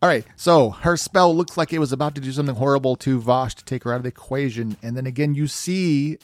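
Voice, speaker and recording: Man, game master, tabletop game narration, lively, reacts to rolls. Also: medium pitch, quick pace.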